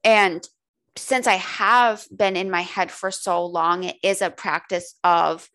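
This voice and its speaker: Woman, coach, low-pitched voice, candid, casual podcast talk, frequent swearing. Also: fairly even intonation, slow, fairly bright tone. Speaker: holistic coach guest.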